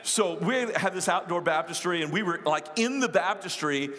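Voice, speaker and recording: A man preaching a sermon as a pastor, telling stories in quick bursts with asides to the congregation. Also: high-pitched, in a large hall, noisy background.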